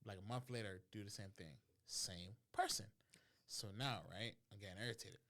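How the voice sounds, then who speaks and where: A man co-hosting a podcast, telling a story in a casual chat and acting out the dialogue with lively energy. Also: on the low side, normal speed. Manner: animated storyteller, acts out dialogue, breaks into laughter. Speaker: podcast co-host.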